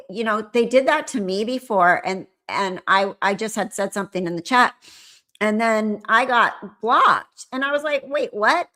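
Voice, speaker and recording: A woman's voice: medium pitch, bright, forceful tone. A woman commentator on a live stream, chatting casually and answering viewer comments as she reads them.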